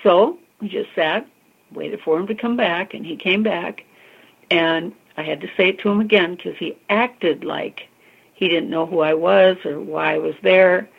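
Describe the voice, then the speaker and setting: Gravelly woman on a tinny line. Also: fairly low pitch, a little slow. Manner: expressive, calls the listener honey and girl. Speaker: psychic medium guest. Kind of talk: animated storytelling in an interview.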